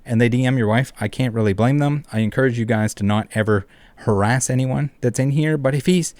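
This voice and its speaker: A man's voice: medium pitch, fairly quick, a little mellow, dry recording. A man hosting an online commentary video, ranting in an indignant, profane, emphatic way. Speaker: commentary channel host.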